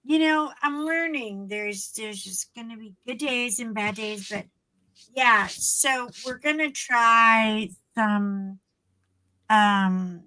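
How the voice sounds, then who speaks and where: A woman's voice: medium pitch, sharp tone, no echo, poor audio. A woman co-hosting a casual chat show, telling rambling stories with lots of fillers. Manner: rambling storyteller with many fillers. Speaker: co-host.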